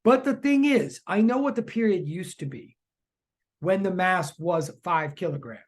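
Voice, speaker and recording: A physics teacher giving a live online lecture, chatty and excitable, often repeating questions to students in the chat. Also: medium pitch, moderate pace.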